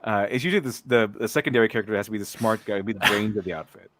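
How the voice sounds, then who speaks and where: A man's voice: lowish voice, rapid-fire, fairly bright tone, no room sound. Dry-sounding man riffing casually. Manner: rambling, frequent restarts, mocking. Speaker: podcast host. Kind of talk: casual commentary chat.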